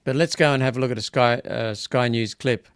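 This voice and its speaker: A man's voice: mid-range voice, a little fast, clean tone, no room sound. Indignant man, dry sound. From Australia. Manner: indignant, repetitive, rising to emphatic outbursts. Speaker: senator hosting a political wrap-up. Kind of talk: casual live political commentary.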